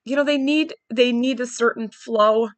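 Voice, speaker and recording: Her voice is a little high and moves at a moderate pace, with no room sound. A podcast host in her forties, she delivers a reflective, wry monologue, searching through her thoughts candidly.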